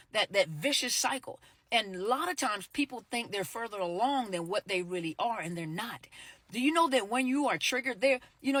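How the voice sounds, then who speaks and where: A woman's voice: fairly high pitch, fairly bright tone, no echo. A middle-aged woman therapist talking casually to the camera, with frequent "you know" fillers and repeated words, now and then acting out short quoted exchanges. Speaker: therapist and coach. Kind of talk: casual direct-to-camera talk.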